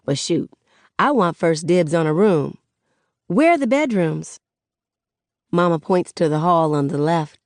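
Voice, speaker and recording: A woman narrating an audiobook in the first person, with relaxed, conversational storytelling. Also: sits low, moderate pace, dry recording, studio quality.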